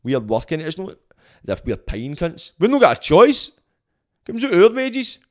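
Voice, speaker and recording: A man's voice: sits high, very animated, moderate pace, a little mellow. A young man with a Glaswegian Scottish accent, hosting a podcast and delivering a passionate, sweary monologue. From Scotland. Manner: swears often, fired up, emphatic. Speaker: podcast host.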